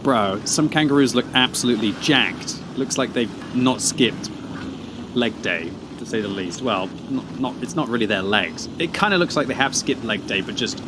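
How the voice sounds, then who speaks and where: A man's voice: medium pitch, lively intonation, moderate pace, few pauses. A British man chatting casually while streaming a game, teasing and rambling as he reads out chat messages. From Britain. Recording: clear background game noise.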